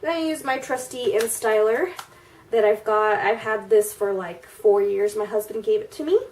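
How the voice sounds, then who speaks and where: A woman's voice: medium pitch, steady tone, normal speed, a little mellow, distant mic, a little hiss or hum. A woman in her thirties chatting casually in a get-ready-with-me video, her voice a little nasal and stuffy from a cold, rambling with fillers and restarts. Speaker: beauty vlogger.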